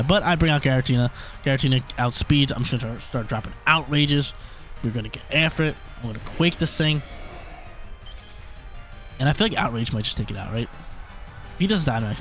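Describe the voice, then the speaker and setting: A man hosting a gaming channel, chatting excitedly and thinking out loud as he commentates a video game battle, with a scratchy throat. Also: medium pitch, quick pace, pauses often, soft background music. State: coughing, throat irritated.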